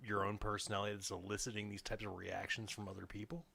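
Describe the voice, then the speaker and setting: A man with a slightly low voice that has a gravelly, creaky texture hosts a casual chat. He breaks in with teasing, wisecracking remarks, and his tone is bright and sharp. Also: level tone, fast.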